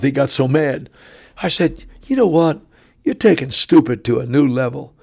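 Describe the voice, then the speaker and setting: A man in his seventies, a traveling preacher telling stories in a sarcastic, animated way that often climbs into shouting. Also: on the high side, vocal fry. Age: 70s.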